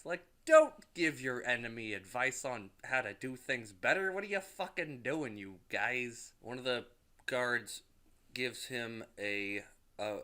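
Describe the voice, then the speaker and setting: Guy recapping a movie, swears a lot, bright sharp voice. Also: medium pitch. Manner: rambling, profane, with frequent restarts. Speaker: movie reviewer. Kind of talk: casual profane movie recap.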